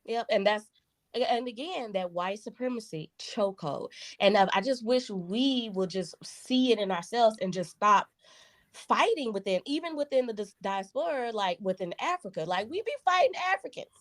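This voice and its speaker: A woman co-hosting a podcast in a casual, emphatic conversation, jumping high in pitch when she stresses a point. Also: expressive, normal speed. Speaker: podcast co-host.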